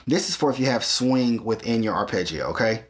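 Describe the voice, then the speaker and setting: A man's voice: mid-range voice, expressive, a little fast. A man hosting a hands-on synthesizer tutorial, explaining patiently step by step and often checking in with "okay?".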